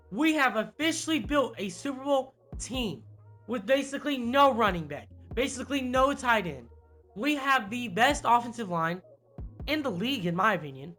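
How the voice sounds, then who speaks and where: A young man giving casual, excitable play-by-play commentary on a football video game, with lots of fillers. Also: high voice, moderate pace, faint music behind. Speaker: gaming YouTuber.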